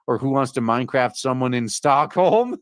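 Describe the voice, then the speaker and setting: A man's voice: medium pitch, sing-song, moderate pace, dry recording, studio quality. A man hosting a commentary stream, reading news articles aloud with many fillers and adding sarcastic asides. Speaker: host reading news stories. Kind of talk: casual commentary on read-out articles.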